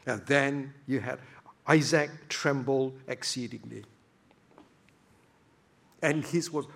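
A man's voice: mid-range voice, takes it slowly, gravelly, long pauses, fairly bright tone. A man preaching a sermon, emphatic, full of rhetorical questions and repeated words.

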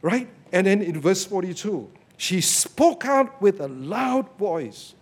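A man preaching a sermon on a Bible passage, telling stories in an animated way and often checking in with "okay?" and "you see". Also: high-pitched, measured pace, few pauses.

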